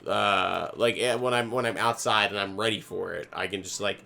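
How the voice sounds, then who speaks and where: Casting: young man, clear bright voice, meandering storyteller who leans hard on "like", casual gaming-chat tone. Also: lowish voice, steady tone, moderate pace, faint music behind. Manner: rambling storyteller, heavy use of "like", many restarts. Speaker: podcast co-host.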